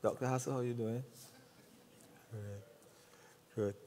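A man's voice: medium pitch, fairly even intonation, a little slow, a little mellow, a little hiss or hum. An older man, a calypsonian, who jokes with a live audience in a large hall and leads them in a call-and-response song. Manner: easygoing, joking, leads the crowd in song. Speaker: calypsonian closing a public event. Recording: echoey hall with guitar music.

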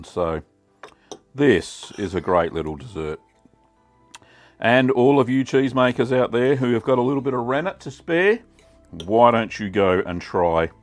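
A middle-aged Australian man hosting a casual cooking vlog, chatty and relaxed with many ums. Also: mid-range voice. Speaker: cheesemaking channel host.

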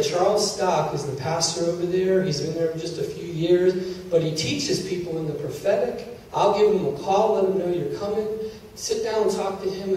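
A man preaching a personal testimony, his mellow voice carrying through a big echoey hall. He sits fairly high for a man and is picked up from a distance. He tells his story with feeling, acting out the dialogue. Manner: emotional storytelling, quoting God and others in dialogue. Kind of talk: sermon testimony. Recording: very echoey hall, distant mic, faint hiss.

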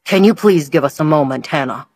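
A woman reading the lines of a stern but loving old grandfather who speaks in a heavy, measured way. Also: low voice, animated, a little mellow, breathy edge, no echo, heavily acted. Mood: gentle. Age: older.

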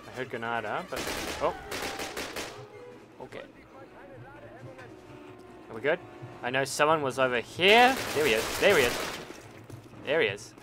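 A man giving let's-play commentary on a war game, excitable and ranting, swearing at the game. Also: medium pitch, measured pace, long pauses, background noise. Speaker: gaming channel host.

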